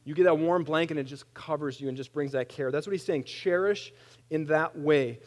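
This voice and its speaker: Lively, slightly high-voiced male pastor. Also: fairly quick. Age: 30s. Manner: animated, plain-spoken, with wry humor. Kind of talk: conversational sermon.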